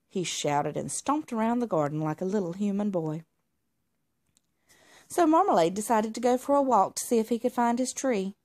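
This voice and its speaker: A woman reading a children's story aloud, with expressive storytelling narration. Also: medium pitch, moderate pace.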